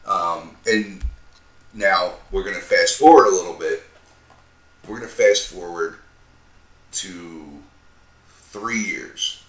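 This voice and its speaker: A man in his thirties, a podcast co-host, telling a profane, animated story with acted-out quotes. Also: deep voice, takes it slowly, pauses often, far from the mic. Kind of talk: casual storytelling chat. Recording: roomy sound, a bit off-mic.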